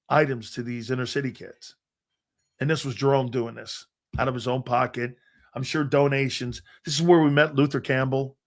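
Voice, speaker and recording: An older man with a gravelly, creaky voice, spinning loose stories live on a sports show. He circles back and restarts his sentences often and drops the occasional curse word. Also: mid-range voice, fairly bright tone. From Connecticut, United States. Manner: rambling anecdotes, frequent restarts and fillers, profane. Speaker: sports show host and former football player.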